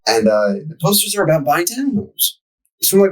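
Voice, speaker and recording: A man's voice: high voice, very animated, fairly quick, poor audio. A young man telling a profane, ranting story as a podcast co-host in casual chat. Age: young adult.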